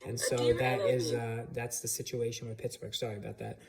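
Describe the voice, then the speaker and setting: Alone at his home computer setup, a man gives loose, opinionated fantasy football takes for his own channel, often restarting and leaning on fillers. He talks a little fast in a level, mid-range voice, and a loud crowd can be heard.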